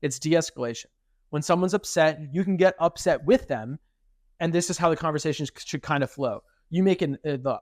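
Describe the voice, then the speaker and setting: Animated young man, dry sound. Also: a little high, a little fast, no room sound. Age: young adult. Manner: animated, acts out quoted speech. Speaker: podcast co-host. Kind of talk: casual podcast chat.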